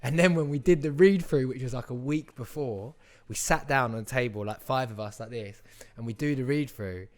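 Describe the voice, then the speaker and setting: A man's voice: medium pitch, brisk. A young man, an actor guest in a casual podcast chat who rambles, restarts often and acts out quotes.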